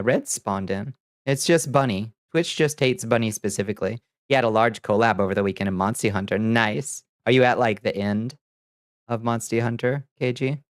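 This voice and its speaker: This is a Southern US VTuber host in a relaxed livestream, chatting with viewers, reading chat aloud and laughing a lot while trailing off and restarting. His nose sounds blocked, his pitch is middling, and the home desk mic gives a dry, close sound free of room echo.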